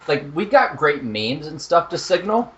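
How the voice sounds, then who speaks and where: Animated, profane young man on a podcast. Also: on the high side, a little slow, muffled recording. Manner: animated, profane, laughs at his own jokes. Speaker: podcast co-host. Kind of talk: casual podcast chat.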